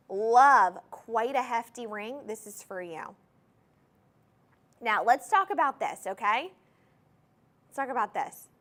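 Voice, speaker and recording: A shopping channel host with a fairly high, fairly bright voice raves about jewelry during a live TV sales pitch in the studio. She addresses the audience directly, full of enthusiasm, and repeats item numbers and key phrases for emphasis.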